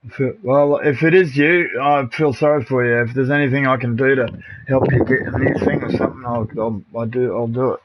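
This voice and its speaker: Through a muffled, noisy home mic, a middle-aged Australian man chats with party members on a live game stream. He talks briskly in a steady, medium-pitched voice, blunt and aggrieved, swearing freely and using mate and bro for everyone.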